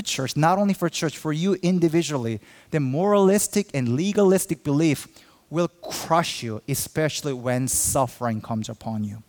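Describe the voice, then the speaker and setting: A man's voice: a little high, a little mellow, in a large hall. A man pastor preaching a sermon earnestly, acting out quoted believers with a raised voice.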